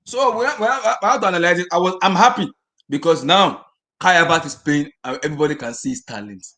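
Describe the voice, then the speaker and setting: A man co-hosting a football podcast, arguing his points passionately, repeating words and shouting in bursts. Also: a little high. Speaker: podcast co-host. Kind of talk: heated casual football chat.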